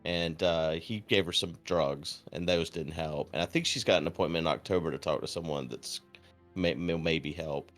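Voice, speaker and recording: A low-voiced man chats on his stream and tells a long story in a dry, deadpan way with plenty of swearing. He acts out the voices of the people in it. Soft music plays faintly behind him. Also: moderate pace. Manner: profane, deadpan. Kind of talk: casual chat.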